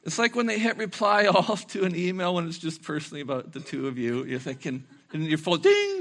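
In a high-pitched voice, a middle-aged pastor delivers a sermon briskly and with few pauses. He tells animated stories, voices the characters himself, and laughs along the way.

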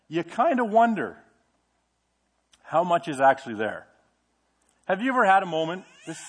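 A man's voice: on the high side, a bit bright. A middle-aged male pastor preaching a sermon in a church, in a conversational way, asking the congregation questions. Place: church sanctuary.

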